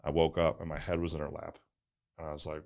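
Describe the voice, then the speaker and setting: Guy with a really low voice rambling through his stories, lots of like and right, earnest and casual. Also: monotone, fast, gravelly. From St. Louis area, USA. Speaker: podcast guest, donut shop owner. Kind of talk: casual interview storytelling.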